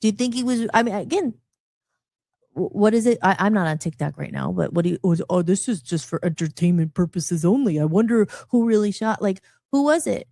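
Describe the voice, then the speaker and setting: A middle-aged woman musician hosting a live radio talk show, rambling and animated, often restarting her sentences. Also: on the low side, fairly quick, creaky, dry recording, studio quality. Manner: animated, rambling, frequent restarts and self-interruptions.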